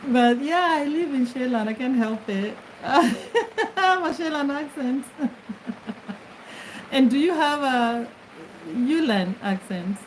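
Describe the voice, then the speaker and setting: A woman's voice: sits high, animated, slow, pauses often, a little hiss or hum, rough recording. A middle-aged woman from Kenya, chatting casually as host of her livestream from her bed and laughing often as she greets commenters. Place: bedroom, lying on her bed.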